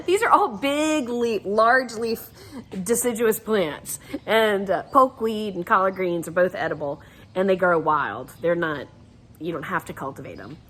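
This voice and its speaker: A woman's voice: mid-range voice, lively intonation, unhurried, fairly bright tone. A middle-aged woman with a Southern American accent from Atlanta, leading a guided laughter session in a chatty, folksy way, laughing often.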